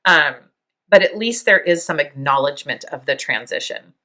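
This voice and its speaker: A woman in her fifties hosting a podcast, speaking in a reflective, halting way, close to tears and laughing softly now and then. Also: sits low, lively intonation. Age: 50s. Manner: soft, halting, near tears, with small laughs. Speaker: podcast host. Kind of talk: reflective personal monologue.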